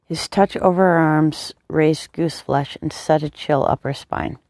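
A woman narrates a story in a calm, measured way. Her voice is mellow and dark with a gravelly texture. The recording is dry and close, with no echo. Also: low-pitched. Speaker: audiobook narrator.

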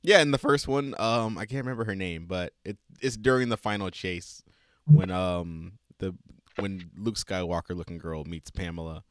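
A man's voice: sits low, normal speed, no room sound, studio quality. A man co-hosting a podcast, chatting casually and laughing often as he recaps a movie. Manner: laughs often, animated storytelling. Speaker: podcast co-host. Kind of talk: casual chat.

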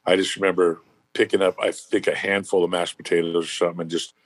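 A man's voice: deep voice, level tone, fast, no room sound. A man telling a story in casual chat, rambling and swearing freely with lots of fillers.

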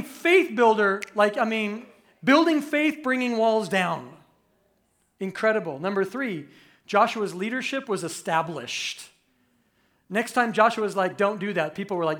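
A man preaching a conversational, animated sermon as pastor, acting out quick voices for humor. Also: high-pitched.

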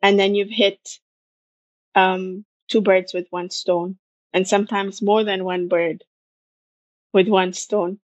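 A woman speaks as a guest in a relaxed interview, animated and repeating her points for emphasis. Her voice sits at an ordinary middle pitch. The recording is close and dry, with no room sound. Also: no room sound, lo-fi sound. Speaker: podcast guest, marathon runner. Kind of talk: conversational interview.

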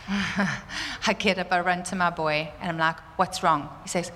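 A woman telling a church congregation a personal testimony, animated and fervent, laughing often. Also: fairly low pitch, a little slow, slight background noise. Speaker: church speaker sharing a testimony. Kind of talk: sermon testimony. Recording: roomy church hall reverb, faint ambience.

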